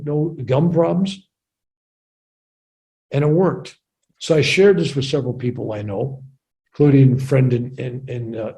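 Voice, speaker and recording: Older man, gravelly and warm-toned, casual storyteller who keeps checking in with "right?". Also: medium pitch, poor audio. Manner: chatty, repeats himself and asks "right?". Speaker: guest speaker.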